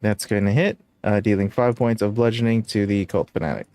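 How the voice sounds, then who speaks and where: Game master, man, measured, dry close sound, faint music behind. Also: fairly low pitch, dark tone, no room sound. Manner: measured, calls out rolls and results. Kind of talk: narrating a tabletop game.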